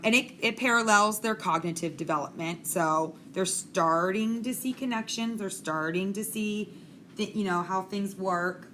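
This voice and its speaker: A woman's voice: mid-range voice, fairly bright tone, slight background noise. A middle-aged woman giving a recorded lecture on child development as an instructor, talking frankly and chattily with many fillers.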